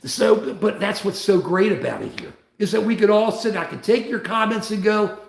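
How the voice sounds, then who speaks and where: Excitable high-voiced man. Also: moderate pace, creaky, few pauses, roomy sound. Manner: excitable, worked up, reads out viewer comments. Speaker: livestream host. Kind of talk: casual livestream chat.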